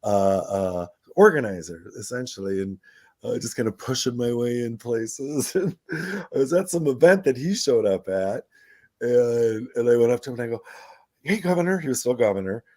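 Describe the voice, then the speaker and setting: A man co-hosting a radio talk show, telling lively stories and acting out quoted voices, often laughing. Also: medium pitch, moderate pace, dry recording. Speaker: radio show co-host, former city council member. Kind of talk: casual storytelling radio conversation.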